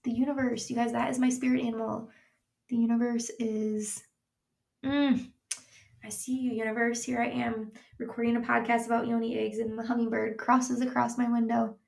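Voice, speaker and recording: A woman's voice: on the high side, level tone, normal speed, gravelly, a little mellow, echoey room, recorded from a distance. A woman hosting a casual solo podcast as a sex coach, talking candidly and chattily, full of likes and restarts. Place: home room by a window.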